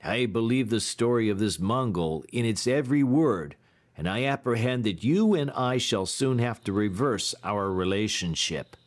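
A man voicing an old male Mongol official who speaks in a quiet, measured way. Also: fairly low pitch, lively intonation, natural voice. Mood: calm.

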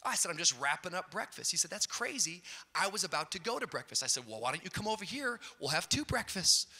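A middle-aged man preaching a sermon, telling a funny story in a storyteller's way and building up to shouted peaks. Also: high voice. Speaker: pastor. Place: large church auditorium. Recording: hall reverb.

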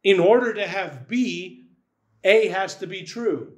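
A man's voice: sits high, expressive, slow pace. A man, the church's pastor, preaching a sermon in a conversational style, often checking in with "right?".

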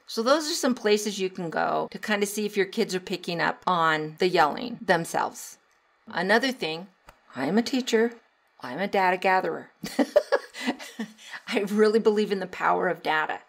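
A middle-aged woman, a teacher, hosting a casual solo podcast, chatty and laughing often, turning animated when she acts out a scene. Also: fairly low pitch.

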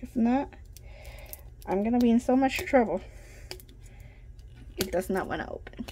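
A woman's voice: a little high, lively intonation, measured pace, background noise. A woman hosting a toy unboxing video, chatty and giggly, exclaiming over tiny toys. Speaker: toy review host. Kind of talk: casual unboxing chat.

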